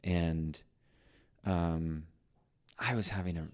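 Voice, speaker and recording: Deep-voiced and slow-paced, the middle-aged man is a guest on a podcast, recounting stories conversationally. He brings them to life by doing voices, though he keeps restarting his sentences and leaving phrases to trail away.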